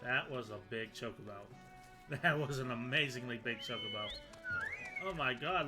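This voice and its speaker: A man's voice: mid-range voice, moderate pace. A man casually commenting while playing a game, chatty with giggly asides. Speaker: game streamer. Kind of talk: casual let's-play commentary. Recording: game music behind.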